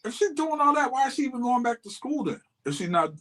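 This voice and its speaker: A man's voice: very high voice, very animated, fast, a bit bright. A man co-hosting a casual chat show, adding wry, joking remarks about a reality dating series. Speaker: podcast co-host.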